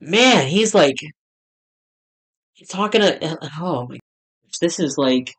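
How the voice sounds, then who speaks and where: A man's voice: fairly high pitch, lively intonation, takes it slowly. Reflective male pastor reacting. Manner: reflective, breaks into soft exclamations. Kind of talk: casual reaction commentary.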